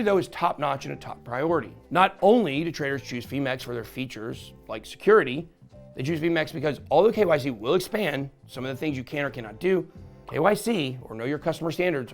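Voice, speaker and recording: Upbeat man pitching over music. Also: lively intonation, a little fast, vocal fry. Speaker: crypto channel host. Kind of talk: sponsored product review.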